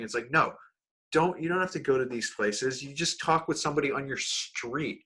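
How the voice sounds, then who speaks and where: Bright-voiced man hosting a casual podcast. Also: medium pitch, moderate pace, slightly rough. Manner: rambling, lots of "like" and restarts. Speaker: podcast host.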